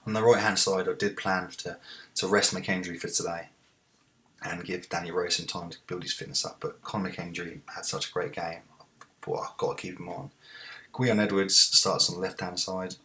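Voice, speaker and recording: A man hosting a let's-play, commentating on a football management game and shouting at the big moments. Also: low-pitched, level tone, brisk. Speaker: gaming video host.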